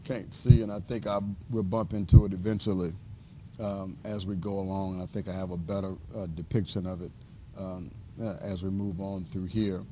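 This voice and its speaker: A male math instructor lecturing in a classroom with a lowish, mellow voice. His delivery is loose and conversational, full of restarts and fillers as he wanders through a story. A faint hiss sits under the recording. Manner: relaxed conversational teaching.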